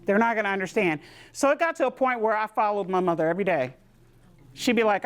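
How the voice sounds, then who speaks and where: A woman gives a community health talk. She tells her own stories in a lively way and acts out the voices of the people in them. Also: mid-range voice, quick pace. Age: 60s. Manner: lively storytelling, acting out voices in quotes. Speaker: presenter.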